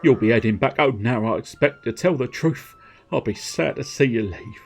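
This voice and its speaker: A man's voice: medium pitch, expressive, normal speed, vocal fry, slightly rough. A man voicing a sentimental male miner companion, earnest and fond.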